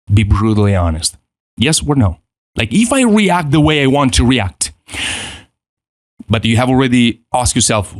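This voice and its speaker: A man teaching a self-improvement course, his pitch leaping up and down as he acts out the voices in people's heads. He often breaks off and restarts his sentences. The sound is dry and close, with no room echo. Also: normal speed. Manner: animated, acts out inner voices, frequent restarts. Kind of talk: spoken course lesson.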